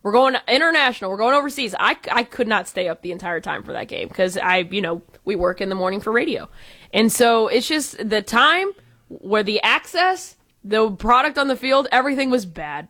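Lively woman talking sports. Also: fairly high pitch, dry recording, clean studio sound. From Texas, USA. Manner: lively, opinionated, quick asides. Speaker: radio co-host. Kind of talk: casual sports talk.

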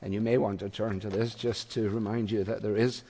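A man preaching an expository sermon in a measured, explanatory way, with occasional fillers. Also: on the low side, level tone, mellow, big-room sound, slight background noise. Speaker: pastor.

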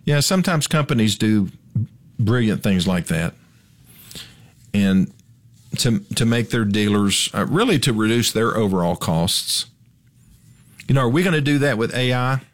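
A man's voice: lowish voice, expressive, measured pace, pauses often. A man hosting a radio car advice show, talking in a folksy, wry, chatty way. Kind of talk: casual radio monologue.

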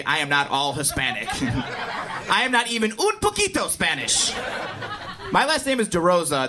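A male stand-up comedian with a high voice works through a self-mocking set. He tells his stories loosely and casually. The live mic picks up clear background noise.

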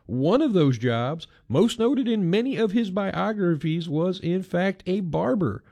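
A man's voice: high-pitched, lively intonation, measured pace, vocal fry, warm tone, dry recording. A man hosting a music radio show, chatting in a folksy, joking way and laughing often. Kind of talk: casual radio chat.

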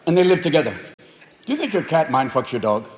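Animated, profane stand-up comedian. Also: male voice, a little high, a little hiss or hum. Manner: profane, rapid voice switching. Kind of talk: stand-up routine. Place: live comedy venue. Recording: echoey live venue, loud crowd.

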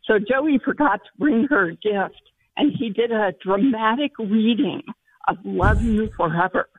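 A woman's voice: mid-range voice, unhurried, husky, dry recording. A woman calling in to a radio show, bubbly and laughing often. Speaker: caller. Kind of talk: call-in chat. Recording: tinny phone line.

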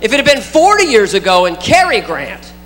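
A man's voice: extremely high pitch, big pitch swings, brisk, noisy background. A man doing a stand-up routine, rambling and riffing in an incredulous way. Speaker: stand-up comedian. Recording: live club, hall reverb, crowd laughter.

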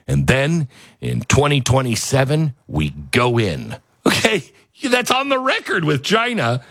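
A man hosting an opinionated news commentary, animated and sarcastic, often laughing. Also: mid-range voice, a little slow, vocal fry, dry recording, studio quality. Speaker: commentary show host.

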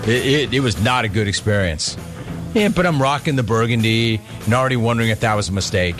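A man on the radio telling a casual story, acting out the people in it with lively swings in his voice. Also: mid-range voice, quick pace, faint music behind. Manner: animated, acts out both sides of the story. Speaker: radio host.

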